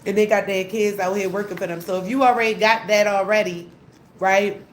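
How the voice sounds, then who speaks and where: Young woman, heated profane rant, mid pitch, echoey room. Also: fairly even intonation, a little fast. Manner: heated, blunt, repetitive, swearing often. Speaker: vlogger. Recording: echoey room with faint hum.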